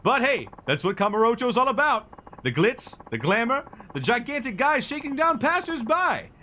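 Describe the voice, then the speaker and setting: A man voicing an excitable, flamboyant male street photographer in a game, loud and theatrical. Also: very high-pitched, moderate pace, voice pushed up, full character voice. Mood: gushing. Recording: noisy stream audio.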